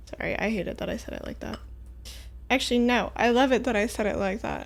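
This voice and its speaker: Gravelly-voiced woman streaming a game. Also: fairly high pitch, brisk. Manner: chatty, self-mocking, talks to herself. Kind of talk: casual gameplay commentary.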